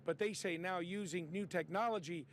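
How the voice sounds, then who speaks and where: A male news reporter reading scripted narration in a measured, formal way. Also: high voice, slight background noise.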